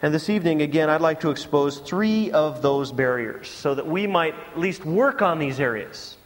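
A man's voice: on the high side, moderate pace, in a large hall. A man preaching a sermon to his congregation, telling stories and acting out mocking voices. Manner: animated storytelling with mocking impressions. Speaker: pastor.

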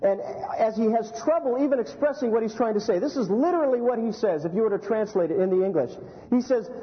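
A high-pitched male pastor preaching in a church, lively and animated, telling anecdotes and asking the room questions. The sound is muffled and carries a long echo from the sanctuary. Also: fast talker, few pauses. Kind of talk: sermon.

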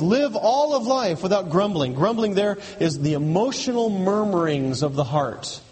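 A pastor delivering an emphatic sermon, full of repetition and rhetorical questions. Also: male voice, sits high, in a large hall.

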